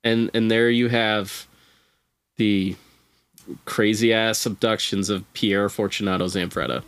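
A man's voice: fairly low pitch, little pitch movement, slow, a bit bright, no room sound. Man, podcast guest, casual storytelling, wry profane asides, dry close sound.

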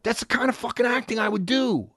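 A man's voice: very high-pitched, fast, sharp tone, no echo, studio quality. A man on a comedic rant, profane and rambling, swinging his delivery up and down as he riffs.

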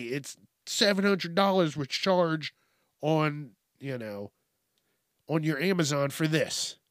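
A man hosting a casual comedic news show, ranting in a profane, animated way. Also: fairly high pitch, dry recording, clean studio sound. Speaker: show host.

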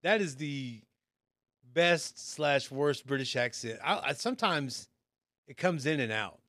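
A man guesting on a casual comedy podcast, telling animated stories. His pitch swings widely as he tells them. The sound is dry and close. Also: measured pace, no echo. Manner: animated storytelling with quoted voices.

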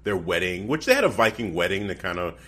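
A man co-hosting a casual wrestling podcast, talking in an animated, incredulous way and laughing often. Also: low-pitched, fast talker. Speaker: podcast co-host.

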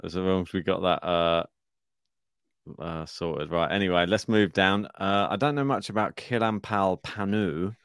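A low-voiced man with a gravelly edge talks through tennis picks in a relaxed podcast chat. His tone is smooth and the sound is dry and close. He laughs often and thinks aloud as he goes. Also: unhurried, no echo. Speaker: podcast co-host. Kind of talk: casual tennis draw chat.

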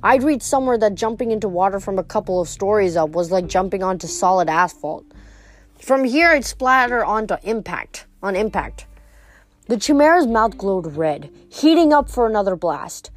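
A woman's voice: mid-range voice, animated, normal speed. A woman reading a novel aloud chapter by chapter, with small slips and restarts. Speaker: reader of a novel.

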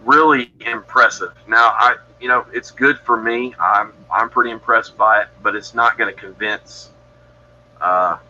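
A man's voice: on the low side, steady tone, unhurried, sharp tone, highs cut off, a little hiss or hum. A man from Georgia in the US, telling his story as a podcast guest in a rambling, matter-of-fact way that keeps correcting itself. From Georgia, USA. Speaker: guest describing encounters.

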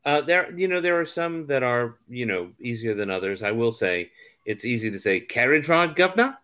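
A man's voice: medium pitch, moderate pace, fairly bright tone, clear, resonant tone. A man in his fifties, a theater director, chatting casually and telling anecdotes as a guest. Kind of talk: casual conversation.

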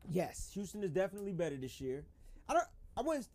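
Animated high-pitched man debating sports. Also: quick pace. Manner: animated, argumentative, reads chat aloud. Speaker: podcast co-host.

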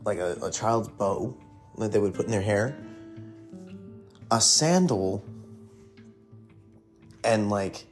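Low-voiced man telling a spooky story. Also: slow pace, pauses often. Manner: profane, rambling, heavy with fillers. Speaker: podcast host telling a ghost story. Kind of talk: casual storytelling. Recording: faint guitar music behind.

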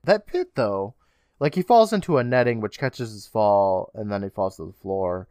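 A man's voice: fairly low pitch, expressive, normal speed, darkish tone, dry recording, clean studio sound. Male podcast co-host: casual, sarcastic, recapping scene by scene. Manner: chatty, swears casually, sarcastic asides.

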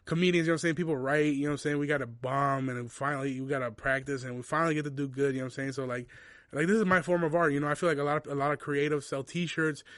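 A man's voice: fairly high pitch, fairly even intonation, racing, fairly bright tone, no echo, studio quality. A young man, a comedian hosting his podcast, telling a story in casual slang with lots of fillers and laughter.

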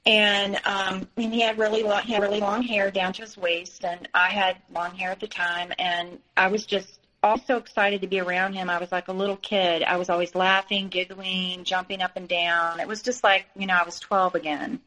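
A woman's voice: mid-range voice, level tone, moderate pace, few pauses, bright, forceful tone, rough recording. A woman, a podcast guest, frankly recounting her own experience in a loose conversational way with many fillers. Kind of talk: personal story in an interview.

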